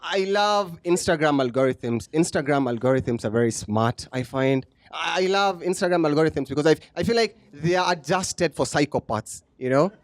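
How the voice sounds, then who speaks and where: Brief: male stand-up comic from Kenya, fairly high voice, dry sarcastic delivery. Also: moderate pace, hardly any pauses, dry recording. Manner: sarcastic, deadpan irony. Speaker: stand-up comedian. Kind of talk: stand-up comedy set. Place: comedy club stage.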